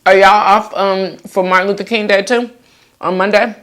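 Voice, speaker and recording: A woman hosting a mukbang video, chatting casually to viewers while eating and reading their comments aloud. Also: moderate pace. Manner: laid-back with lively swoops of pitch. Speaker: mukbang vlogger.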